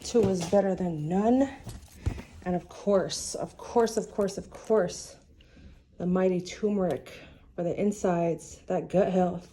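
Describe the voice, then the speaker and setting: Chatty woman in her forties, low voice. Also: measured pace, dark tone. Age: 40s. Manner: chatty, rambling with frequent restarts and fillers. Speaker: vlogger. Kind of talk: casual vlog chat. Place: at home.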